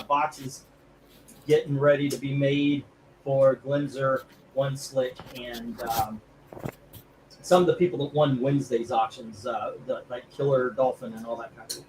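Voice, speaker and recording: Hosting a live comic book auction stream, a man rambles casually and cracks jokes while feeling sick from food poisoning. He laughs easily. His voice is mid-range, and there's background noise.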